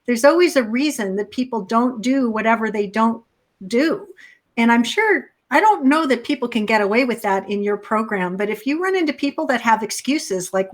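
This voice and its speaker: Woman interviewer, bit high voice, eager and encouraging. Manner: enthusiastic, warmly encouraging questions. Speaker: interview host. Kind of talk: interview chat.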